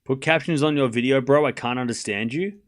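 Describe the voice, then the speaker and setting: A man's voice: mid-range voice, fairly quick. A man with an Australian accent hosting a live stream, giving casual commentary and chatting with viewers in a rambling, self-deprecating way, swearing now and then.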